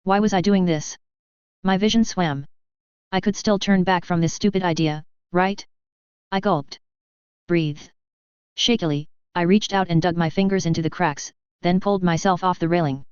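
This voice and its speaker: Low, clear woman narrating a tense story. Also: moderate pace, darkish tone, no echo. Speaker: audiobook reader. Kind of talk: first-person fiction narration. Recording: dry, slightly muffled recording.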